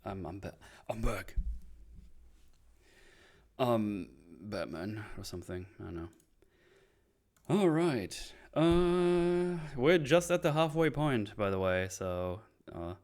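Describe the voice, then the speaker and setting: A man hosts a loose, late-night podcast about a film. His voice sits low, and he walks through scenes in a relaxed way, chuckling as he goes. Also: takes it slowly, long pauses. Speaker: podcast host. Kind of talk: casual film-breakdown chat.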